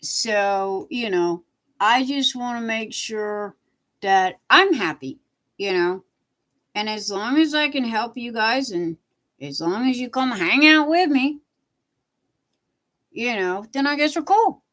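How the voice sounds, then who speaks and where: Slow rambling woman chatting with viewers. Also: on the high side, animated, a bit bright. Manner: rambling, chatty, reads viewer comments aloud; repeats "you know" a lot. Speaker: livestream host. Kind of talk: casual chat with live viewers.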